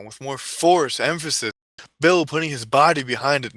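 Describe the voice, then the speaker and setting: A man telling a comic story in a deliberate way, with dramatic pauses and asides. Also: mid-range voice, fairly bright tone, no room sound.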